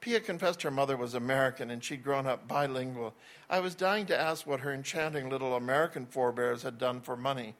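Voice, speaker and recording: A man's voice: medium pitch, a little fast, a bit bright. Man reading a wry first-person story. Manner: wry, with small slips and restarts. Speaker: narrator. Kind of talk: reading a novel aloud.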